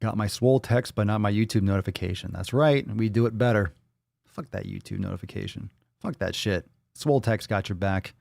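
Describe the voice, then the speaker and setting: A man's voice: lowish voice, a little fast, vocal fry, a little mellow, no echo, studio quality. A man hosting a livestream podcast, talking bluntly and profanely in a fired-up, casual way.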